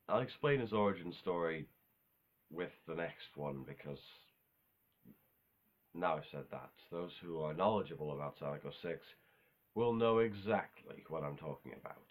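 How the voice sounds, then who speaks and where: A man's voice: low-pitched, unhurried, pauses often. A man talking in a casual, unscripted monologue, rambling offhand with self-corrections and casual swearing. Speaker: video host ranking game villains.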